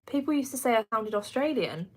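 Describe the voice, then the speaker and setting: A woman's voice: a little high, expressive, fairly quick, darkish tone, husky. Young woman, Kent accent, casual livestream chat, laughs often, answers comments. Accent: Kent English. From England. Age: 20s. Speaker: livestream host.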